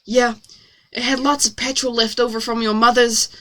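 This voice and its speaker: A woman's voice: fairly high pitch, flat delivery, moderate pace, pushed and bright. A woman reading the lines of a guilty, mumbling middle-aged father in her own story, hesitant and stammering. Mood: sheepish.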